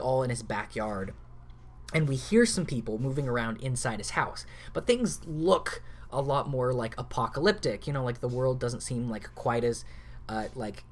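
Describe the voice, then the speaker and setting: A podcast host telling a tabletop game story in a rambling, casual way, full of filler words. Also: medium pitch. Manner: rambling, lots of "like" and laughing asides.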